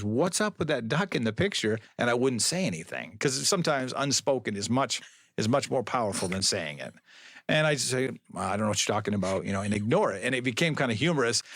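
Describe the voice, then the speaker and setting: Middle-aged man, low voice, dry close sound, wry rambling anecdote-teller. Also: fairly bright tone, dry recording. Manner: wry, rambling, self-correcting. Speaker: police public information officer, guest. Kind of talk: storytelling interview.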